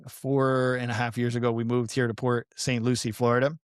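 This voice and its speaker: A middle-aged man from Colombia talks as a podcast guest in a medium-pitched voice. He tells his story earnestly and with animation, dropping in casual fillers. The sound is dry and close. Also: little pitch movement, brisk, clean tone, no room sound. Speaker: podcast guest, pastoral counselor and fitness coach.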